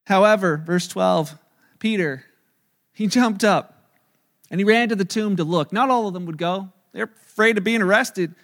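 A man preaching a sermon, retelling a story with lively acted-out quotes and casual asides. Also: high voice, moderate pace. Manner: animated storytelling, acting out quoted voices. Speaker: pastor.

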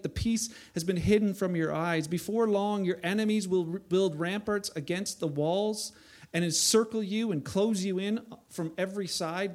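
Preaching man, slightly high voice. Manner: conversational preaching, voice rising to near shouts for emphasis. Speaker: pastor. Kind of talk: sermon.

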